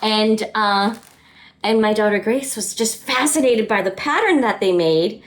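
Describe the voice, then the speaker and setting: A woman's voice: medium pitch, measured pace. A woman chatting casually in a home vlog, earnest and openly emotional as she talks to her viewers from her kitchen. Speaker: homestead vlogger.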